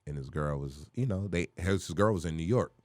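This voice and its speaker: Deep-voiced man telling a story. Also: normal speed, dry recording. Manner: animated, acts out voices in his stories, curses freely. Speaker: comedian guest. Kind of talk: casual podcast storytelling.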